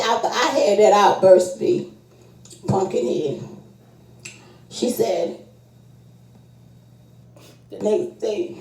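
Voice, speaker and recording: A woman's voice: echoey room, low-quality recording. A woman telling a story in a casual monologue, acting out every quoted voice as she goes. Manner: animated, acts out quoted voices with big pitch jumps.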